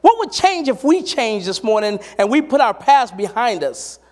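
High-voiced man preaching a sermon. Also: big pitch swings, normal speed, darkish tone. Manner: storytelling, rising to emphatic exhortation. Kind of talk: sermon with personal stories.

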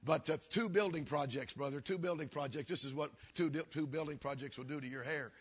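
Older preacher guy, kinda high husky voice, earnest sermon story, repeats himself. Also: a little fast. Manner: earnest, repetitive preaching cadence that drops low and quiet. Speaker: pastor.

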